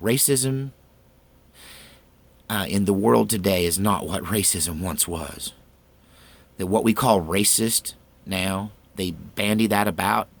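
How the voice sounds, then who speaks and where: Gravelly-voiced man telling a story. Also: deep voice. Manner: folksy, conversational, earnest. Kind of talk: personal storytelling.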